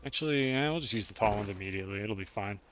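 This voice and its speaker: A man's voice: fairly low pitch, racing, a bit bright, slight background noise. A young man streaming a video game, chatting casually with his chat and swearing freely while he plays. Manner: chatty, profane, talks to chat.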